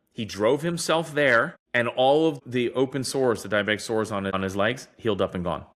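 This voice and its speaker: A man on a podcast casually telling patient stories, acting out what doctors said to him. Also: medium pitch. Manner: animated storyteller acting out quoted doctors. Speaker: guest, device innovator. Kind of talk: casual storytelling in a podcast interview.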